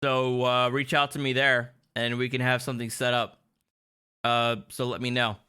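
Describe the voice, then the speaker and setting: A man's voice: mid-range voice, flat delivery, moderate pace, bright, forceful tone, clear, resonant tone. A man, an attorney, giving sardonic, incredulous livestream commentary on clips he plays.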